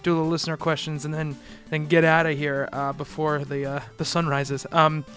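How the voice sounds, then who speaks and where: A man's voice: on the high side, level tone, brisk, a bit bright, faint music behind. A man co-hosting a comics podcast in casual chat, rambling with frequent ums and restarts. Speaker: podcast co-host.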